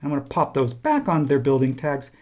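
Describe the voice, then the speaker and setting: A man teaching a software tutorial, talking casually and thinking aloud while he clicks through steps. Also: medium pitch, very animated, brisk. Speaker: instructor. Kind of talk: screen-recorded software tutorial.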